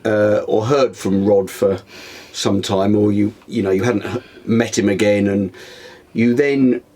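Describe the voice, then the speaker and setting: A man's voice: fairly low pitch, fairly even intonation, unhurried, mellow. A man interviewing his father in a casual chat, easygoing with teasing prompts.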